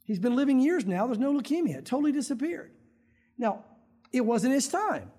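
A man's voice: extremely high pitch, big pitch swings, a little fast, mellow. A male pastor delivering a sermon in a loose, conversational way. He talks to the congregation like old friends and slips into dramatic prayer voices to make his points.

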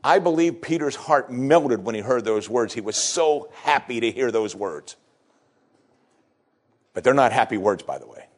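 A middle-aged man preaching a sermon, acting out scripture dialogue with big swings in his voice. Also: normal speed. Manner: expressive preaching, acting out scripture dialogue with sweeping pitch shifts. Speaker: pastor.

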